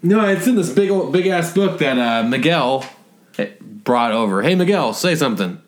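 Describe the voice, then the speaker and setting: A man's voice: on the high side, lively intonation, normal speed. A man hosting a casual podcast, rambling through an episode recap with restarts and laughs. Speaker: podcast host.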